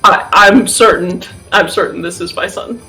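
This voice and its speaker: A man voicing a gentle, anxious middle-aged male researcher who is also a father, speaking in an earnest, softly pleading way. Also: high-pitched, normal speed, faint music behind, full character voice, low-quality recording.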